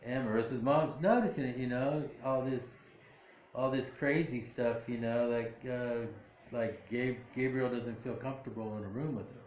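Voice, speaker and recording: A man's voice: mid-range voice, normal speed, a little mellow, slight background noise. Rambling man recapping a drama. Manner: rambling, full of fillers and self-corrections. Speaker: show recap vlogger. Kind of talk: casual episode recap. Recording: echoey room.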